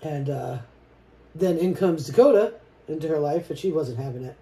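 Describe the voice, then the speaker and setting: A woman vlogger chatting casually while she paints, soft-spoken and reflective, often trailing off mid-sentence. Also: sits low, normal speed. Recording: roomy echo with faint noise.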